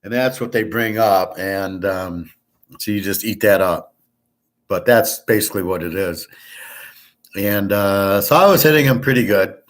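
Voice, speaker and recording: A man's voice: fairly low pitch, measured pace. Blunt, profane man ranting casually. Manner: blunt, profane and boastful, acting out both sides of his stories. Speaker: host of a sports picks show. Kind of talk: casual rambling monologue.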